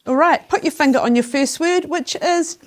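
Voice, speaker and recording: A woman teaching a primary school spelling lesson in a classroom, speaking clearly and encouragingly as she gives instructions and counts the class in. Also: high-pitched, fairly quick. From New Zealand.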